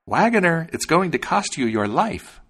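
A man's voice: high voice, huge pitch swings, moderate pace, vocal fry, fairly bright tone, husky, voice pushed up, heavily acted. A man voicing a small vengeful male sparrow who taunts with a repeated warning. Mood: menacing.

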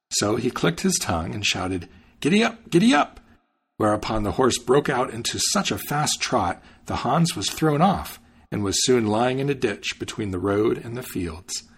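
A man hosting a podcast, reading a fairy tale aloud in an expressive storytelling manner. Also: lowish voice, gravelly, breathy edge. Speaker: podcast host and reader.

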